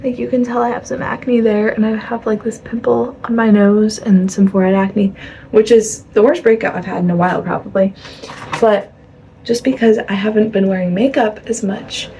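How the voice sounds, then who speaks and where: A woman's voice: medium pitch, steady tone, fairly quick, mellow, slight background noise. A young woman chatting casually in a rambling, laughing way as she vlogs her day. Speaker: vlogger. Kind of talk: casual vlog chat.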